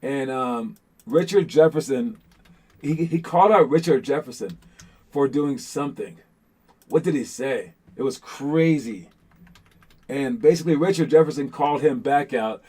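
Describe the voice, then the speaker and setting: A man in a medium pitch hosts a basketball show, talking loosely and directly to his viewers. He rambles, restarts his sentences and fills gaps with um and like. It sounds like relaxed, unscripted chat. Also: a little slow. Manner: rambling, many restarts and fillers, addresses the audience as guys.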